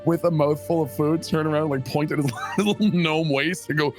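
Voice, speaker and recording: A man's voice: fairly high pitch, fairly even intonation, moderate pace, soft background music. A man playing a tabletop game, describing his character's actions in a rambling, filler-heavy way and laughing often. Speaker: player. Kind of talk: casual tabletop game chat.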